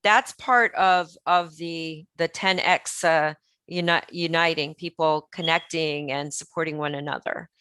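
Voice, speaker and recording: A woman's voice: low-pitched, steady tone, unhurried, a bit bright, smooth, dry recording. A woman co-hosting an online interview show, supportive and chatty. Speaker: co-host. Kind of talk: casual interview chat.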